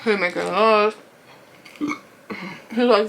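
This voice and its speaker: A woman's voice: medium pitch, extremely slow, pauses often, fairly bright tone, a little hiss or hum, rough recording. A young woman vlogger casually telling a rambling story while eating, laughing often and acting out what people said. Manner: chatty, rambling, lots of "like" and quoted dialogue. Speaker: mukbang vlogger.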